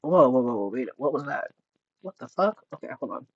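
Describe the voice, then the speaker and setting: Animated mocking reaction streamer. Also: medium pitch, fairly quick, lo-fi sound, a little hiss or hum. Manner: animated, mocking, breaks into laughter, shrieks. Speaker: commentary streamer. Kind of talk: casual reaction commentary.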